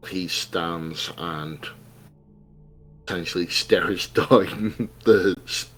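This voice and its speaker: A man playing a tabletop game, describing his character's actions deliberately. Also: low voice, fairly bright tone, soft background music. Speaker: player. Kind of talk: casual tabletop play.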